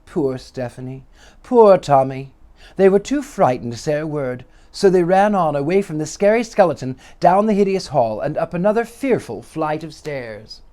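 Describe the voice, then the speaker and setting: A man reading a children's story aloud with dramatic, lively delivery. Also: on the high side, moderate pace.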